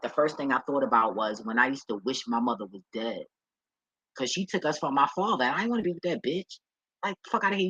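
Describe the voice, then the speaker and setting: A woman's voice: very deep voice, a bit bright, slightly rough, no echo, highs cut off. A woman talking casually to camera, telling stories in blunt, profane street talk and often breaking into laughter. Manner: acts out others' voices in quoted asides. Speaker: vlogger. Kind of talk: casual storytelling monologue.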